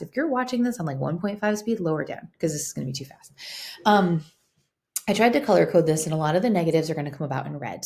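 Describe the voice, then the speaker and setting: A woman teacher giving a quick, chatty recorded science lesson, with lots of ums and likes. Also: fairly low pitch, vocal fry, a little mellow.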